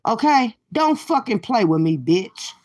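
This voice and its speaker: Middle-aged woman streaming reactions from her car, fast and profane, slightly high, loud rants. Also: very animated. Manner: brash, loud, cursing rants with laughter. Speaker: livestream commentator. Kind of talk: profane reaction commentary while driving.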